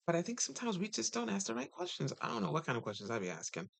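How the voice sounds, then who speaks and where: A man's voice: huge pitch swings, rapid-fire, vocal fry, a bit bright, dry recording. A man talking casually to viewers as a relationship coach, chatty and full of rhetorical questions. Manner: chatty, rhetorical questions, sudden pitch jumps.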